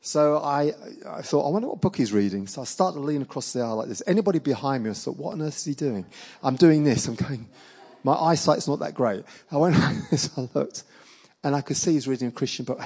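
A man preaching and telling a personal testimony as a story, acting out the dialogue with lively energy and laughing along. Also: mid-range voice, fast talker, breathy edge, poor audio.

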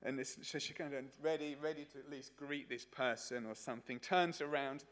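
A man's voice: medium pitch, fairly even intonation, brisk, a bit bright. A man preaching a sermon at a church service, telling a story in a chatty way with many fillers.

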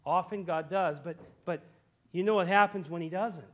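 High-voiced man preaching with passion. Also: moderate pace. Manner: impassioned, swings from quiet to loud pleas. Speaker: pastor. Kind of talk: sermon.

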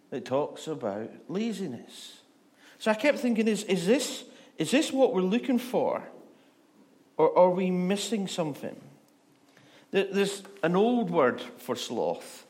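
A man's voice: sits high, sing-song, slow, a little mellow. A male pastor giving a conversational, humorous sermon, often stammering and restarting.

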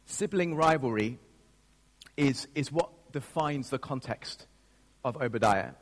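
A man's voice: mid-range voice, a little slow. A man pastor giving a sermon, telling a personal story in a self-mocking way and laughing at himself. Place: church. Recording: long reverb of a church hall.

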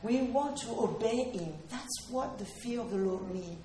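A woman with a fairly high, mellow voice preaches a sermon earnestly and emphatically, repeating key phrases to give them weight. Her delivery is animated but a little slow, and the recording has a roomy hall echo plus a slight hiss or hum.

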